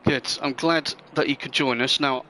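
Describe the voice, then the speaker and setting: A man with a mid-range voice hosts a sim racing live stream, rambling casually and trading friendly banter with chat. His intonation stays fairly even and his tone is sharp at a normal speed, with slight background noise.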